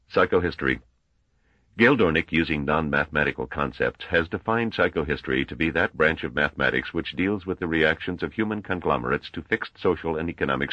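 Deep husky guy reading an audiobook, lots of ups and downs, dry dullish sound. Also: dry recording, dull audio. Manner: expressive, voices each character. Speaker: audiobook narrator. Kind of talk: scripted narration.

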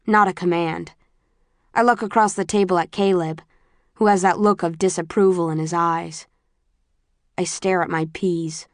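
A woman narrating a first-person story as an audiobook reader, in a measured, even storytelling manner. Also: on the low side, no room sound, studio quality.

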